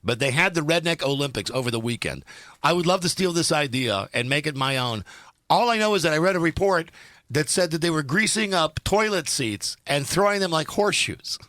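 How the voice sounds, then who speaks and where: A man's voice: on the high side, animated, a little fast, fairly bright tone, no room sound. A man hosting a radio talk show, rambling and sardonic as he jumps from topic to topic in a studio. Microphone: studio microphone, dry.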